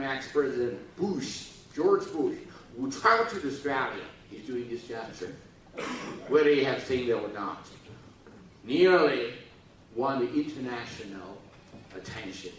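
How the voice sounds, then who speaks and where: A man lectures students with big swoops of pitch, jumping from high squeaks to low murmurs as he acts out quick exchanges. He sits well back from the microphone, so his voice comes through a boomy, reverberant hall. Now and then he prods the room to laugh along. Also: slight background noise. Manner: animated, acts out dialogues in funny voices; coaxes the audience to laugh and repeat. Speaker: forum speaker. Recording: echoey hall, voice from far off.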